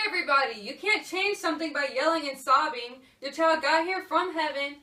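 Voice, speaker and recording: A woman's voice: high voice, fairly quick, bright, forceful tone. A teenage girl playing a male priest in a school play, firm and consoling. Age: teens. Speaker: student actor. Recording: echoey room, from far off.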